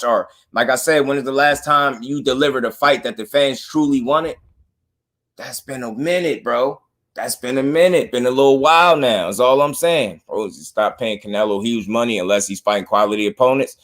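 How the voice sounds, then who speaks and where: A man hosting a live boxing talk stream, speaking in an animated, slangy, repetitive way to his chat. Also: mid-range voice. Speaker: boxing talk show host.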